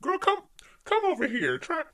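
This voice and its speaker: A woman's voice: very high-pitched, huge pitch swings, normal speed, fairly bright tone, pitched above the performer's own voice, heavily acted. A woman doing a voice of a teasing female friend who is coaxing someone toward a new man. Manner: coaxing, sassy.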